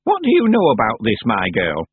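A man voicing a sharp, bossy, very old witch with a brisk, fussy, imperious manner, recorded on dry, tinny, phone-like audio. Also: mid-range voice, wildly swooping pitch, slightly rough, no room sound.

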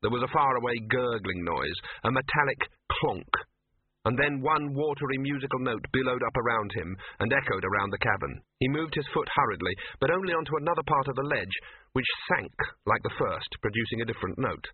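A man reading a story aloud in a steady, measured narration. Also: mid-range voice, slightly rough, dry recording. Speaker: audiobook narrator. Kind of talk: scripted narration. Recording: tinny phone-band audio.

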